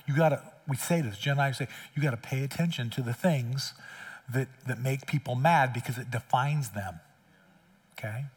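A man's voice: medium pitch, normal speed, breathy edge, distant mic. A middle-aged man preaching a sermon as pastor in a church, conversational and blunt, repeating lines for emphasis. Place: church sanctuary.

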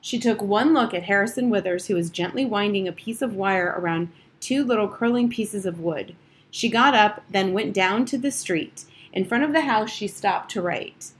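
A woman reading an audiobook chapter aloud in a measured, steady storytelling manner. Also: medium pitch. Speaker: audiobook narrator. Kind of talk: audiobook narration.

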